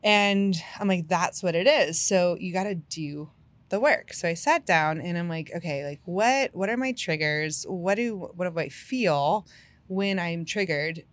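A woman telling a personal story in a casual podcast chat, animated and full of "like" fillers, laughing often. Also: on the low side, measured pace, no echo.

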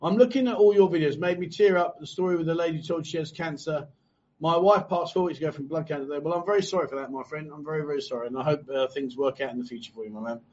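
A man's voice: on the high side, fast, a little mellow, a little hiss or hum. A man hosting a casual live stream, reading out viewer comments and teasing his co-host. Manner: joking, teasing, swears freely. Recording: dull lo-fi live stream audio.

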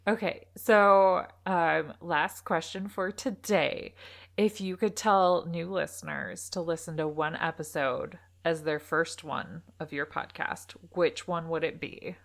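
A woman's voice: lowish voice, slow pace, vocal fry. A woman interviewing a guest in casual chat, giving short reactions and asking questions. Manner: brief friendly reactions. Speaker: podcast interviewer.

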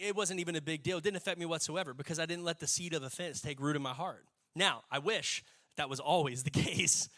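A young adult man preaching a sermon, folksy and animated, building to emphatic peaks. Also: fairly high pitch. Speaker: pastor.

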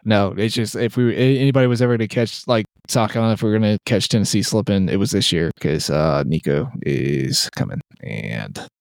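A man's voice: on the low side, animated, a little fast, creaky, hardly any pauses, no echo, studio quality. A man co-hosting a casual college football podcast, laughing often and breaking into mock rants. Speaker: podcast co-host. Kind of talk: casual sports podcast chat.

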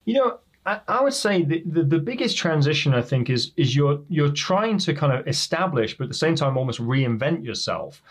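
A man from England, a professor, giving long and thoughtful interview answers in an English accent softened toward American. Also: fairly high pitch, big pitch swings, normal speed. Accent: softened English accent mixed with American. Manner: thoughtful, explains at length with examples. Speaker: guest, professor.

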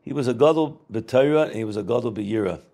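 A man's voice: mid-range voice, expressive, fast talker, warm tone. A middle-aged man casually reminiscing, rambling and repeating words, mixing in Yiddish and Hebrew terms. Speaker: storyteller recalling a rabbi.

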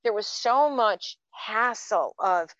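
A woman's voice: medium pitch, expressive, slow, fairly bright tone, no echo. A woman in her fifties chats casually on a podcast, telling her stories with lots of ums. Her voice sits in an ordinary middle range. The recording is muffled and very dry, with no room sound. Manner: chatty storyteller, many fillers. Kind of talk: casual chat.

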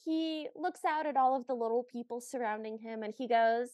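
High-voiced woman in lively podcast recap. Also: fairly quick, hardly any pauses, no echo, studio quality. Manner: animated, acts out characters' lines in quotes. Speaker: podcast co-host. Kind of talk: casual chat recapping a movie.

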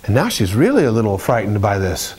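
A man's voice: fairly low pitch, huge pitch swings, fairly quick, darkish tone, husky. A man preaching a sermon with emphatic, repetitive phrasing.

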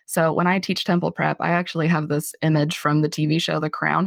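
A woman's voice: low-pitched, little pitch movement, fairly quick, vocal fry, dry recording, clean studio sound. A woman hosting a casual religious podcast, chatty and self-deprecating, often laughing as she talks. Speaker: podcast host.

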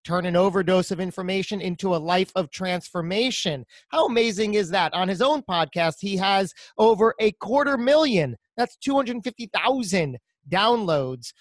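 A man's voice: high-pitched, lively intonation, normal speed, hardly any pauses, no echo. A man hosting a podcast interview, enthusiastic and full of compliments for his guest. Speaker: podcast host. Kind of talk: casual interview chat.

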